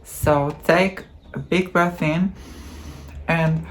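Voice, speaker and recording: A woman teaching voice exercises, demonstrating hums and counting in a slow, patient way. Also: sits low, fairly even intonation, a little hiss or hum. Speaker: voice coach. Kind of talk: voice training tutorial.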